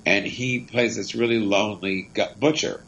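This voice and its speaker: Middle-aged man, lower pitch, animated anecdotal storyteller in a casual interview. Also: moderate pace, gravelly, a little hiss or hum, low-quality recording. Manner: chatty, rambling, animated anecdotes. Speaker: guest comedian and actor.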